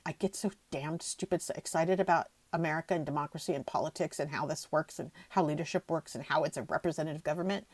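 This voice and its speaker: A woman's voice: deep voice, darkish tone, husky, no echo. A middle-aged woman hosting her own podcast, talking emotionally and rambling, often near tears. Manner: rambling with frequent restarts. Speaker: podcast host. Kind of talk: emotional solo podcast talk.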